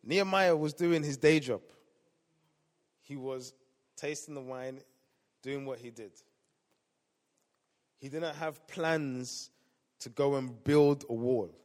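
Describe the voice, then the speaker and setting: A male pastor preaching a sermon, swinging between loud emphatic lines and quiet asides. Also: medium pitch, slow pace, long pauses. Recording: long hall reverb.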